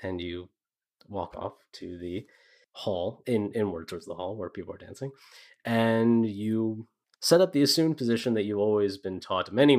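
A male game master with a low voice, narrating a tabletop role-playing session in a descriptive, loose way with plenty of fillers.

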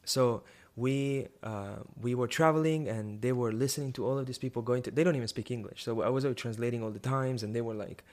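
Animated young man telling a story. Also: mid-range voice, a little fast, hardly any pauses. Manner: animated, many restarts and rising emphasis. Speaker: guest sharing a testimony. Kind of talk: personal storytelling.

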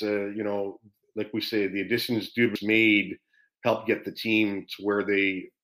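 Man, lowish voice, casual sports analyst, conversational, thinks aloud. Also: fairly bright tone. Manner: conversational, many "you know" fillers. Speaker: podcast guest analyst.

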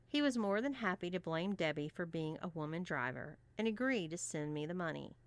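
A woman's voice: fairly low pitch, lively intonation, a little fast, no room sound. Woman reading a story, dry close sound. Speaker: story narrator. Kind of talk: first-person story reading.

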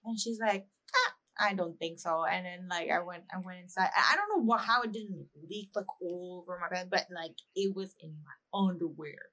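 A woman's voice: lowish voice, brisk, few pauses, sharp tone. A young woman co-hosting a podcast, chatting casually and telling stories with lots of "like" and restarts. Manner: chatty, storytelling with frequent "like" and restarts. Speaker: podcast co-host. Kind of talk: casual chat.

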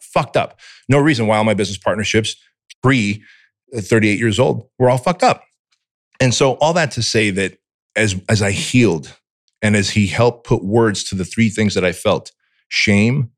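A man's voice: lowish voice, unhurried, no room sound, clean studio sound. A man from Armenia, a podcast guest telling a candid personal story in blunt, profane words and acting out his own inner voice.

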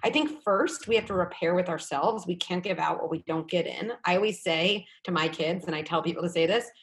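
A woman psychologist speaking as a guest in a conversational podcast interview, animated and often acting out quoted thoughts. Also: on the low side, brisk, hardly any pauses. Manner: animated, acts out quoted thoughts in little voices.

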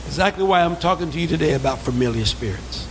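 Male pastor, high gravelly voice, call-and-response sermon, faint hiss behind. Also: expressive, fast talker, poor audio. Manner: preaching with call-and-response, building to shouts; acts out quoted voices in asides. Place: church sanctuary.

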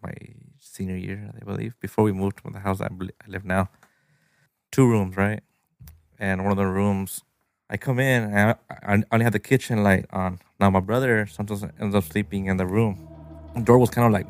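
A man co-hosting a podcast, telling a creepy story in a relaxed, rambling way with casual swearing. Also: fairly low pitch, gravelly. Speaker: podcast co-host.

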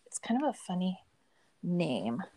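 A woman's voice: lowish voice, very animated, unhurried, dark tone, a little hiss or hum. A woman co-hosting a podcast in casual chat, chatty, trailing off mid-sentence and laughing often. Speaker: podcast co-host.

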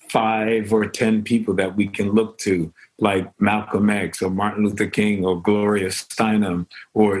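An older man, a musician, telling stories in an interview in a lively, animated way. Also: husky, poor audio. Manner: animated storyteller, bursts into sung and high-pitched impressions. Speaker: musician guest. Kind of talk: storytelling interview.

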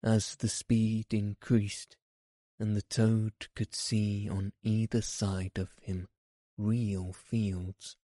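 A man reading a classic storybook aloud in a measured, gently expressive narration. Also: lowish voice, no room sound, clean studio sound. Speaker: audiobook narrator.

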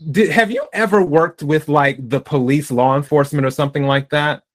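A man's voice: a little high, a little fast. A man in his forties hosting a podcast, chatting casually and telling stories in a conversational way. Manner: conversational storyteller, quotes friends. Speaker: podcast host. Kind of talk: casual interview chat.

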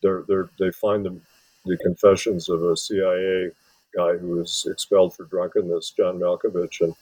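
Long, meandering interview answers full of fillers and restarts come from a Wisconsin author and film scholar. He speaks in a deep, slightly rough, darkish voice with flat delivery at a moderate pace, recorded without room sound on poor audio.

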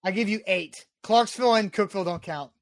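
A man from the Nashville area hosting a casual sports talk show, reading listener questions in a brisk, firm way, with no Southern accent. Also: sits high, no echo, studio quality. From Nashville area, Tennessee. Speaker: podcast host.

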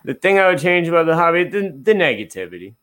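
A man's voice: on the high side, big pitch swings, fast talker, fairly bright tone, clear, resonant tone. A man in a casual interview, speaking as a guest. He talks in an easygoing, rambling way with lots of restarts. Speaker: guest, card collector and dealer.

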